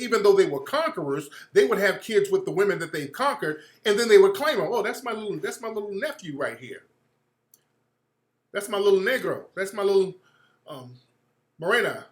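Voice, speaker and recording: A man's voice: high-pitched, fairly bright tone, roomy sound. A man hosting a talk radio show, delivering a blunt, profane monologue that repeats and restarts phrases. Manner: acts out quoted people in mocking voices.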